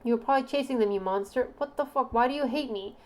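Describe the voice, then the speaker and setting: A woman streamer with a slightly high-pitched voice talks casually through games. She reads game text aloud and bursts into animated, disbelieving exclamations and curses. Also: quick pace. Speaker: streamer playing game jam entries. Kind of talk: casual live-stream commentary.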